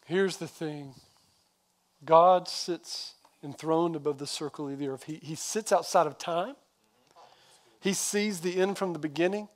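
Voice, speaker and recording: A man with a high voice preaching to his congregation. He presses his points hard and keeps asking the listeners questions. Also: a little slow. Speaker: pastor. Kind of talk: sermon.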